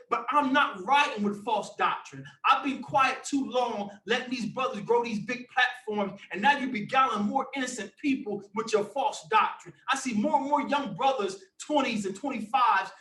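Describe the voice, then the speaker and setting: High-pitched emphatic preacher man. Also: reverberant, distant mic, rough recording. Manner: animated, emphatic, sometimes shouting. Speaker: Bible teacher. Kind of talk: preaching scripture study.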